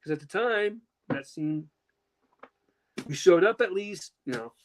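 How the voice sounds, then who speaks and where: A man's voice: high voice, expressive, unhurried, low-quality recording. Young male podcast host, casual and emotional storyteller, rambling delivery. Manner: emotional, rambling with many fillers and restarts.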